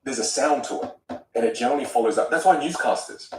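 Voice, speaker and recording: A man talking as a vocal coach in a podcast conversation, animated and acting out example voices. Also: mid-range voice, fast, echoey room, recorded from a distance, noisy background.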